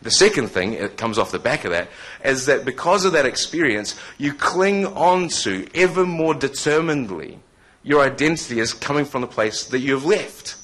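A man's voice: mid-range voice, expressive, normal speed, fairly bright tone. A man in his thirties, born in Scotland, with a New Zealand accent, giving a conversational testimony talk to a live audience with jokey asides. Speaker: speaker.

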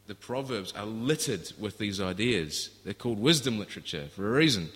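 A male pastor delivers a sermon in a low, bright voice, earnest and storytelling. His words ring with a long hall reverb. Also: lively intonation, normal speed, few pauses. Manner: earnest, storytelling, with frequent restarts. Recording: echoey hall.

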